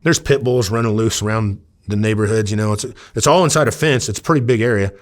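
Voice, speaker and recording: Talking fast in a lowish voice, a man from Iowa, USA, who used to work undercover as an officer spins casual interview stories. He wanders, leans on fillers, and acts out what people said.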